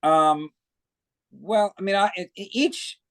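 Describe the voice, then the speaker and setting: A man's voice: sits high, takes it slowly, clean tone. Chatty man telling anecdotes. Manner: chatty, tells long anecdotes. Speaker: guest actor. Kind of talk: casual interview chat.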